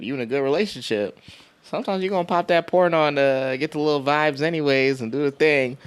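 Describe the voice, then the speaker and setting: A man co-hosting a podcast, joking around and hedging his words in casual chat. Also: mid-range voice. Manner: joking, hedging, many restarts. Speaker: podcast co-host.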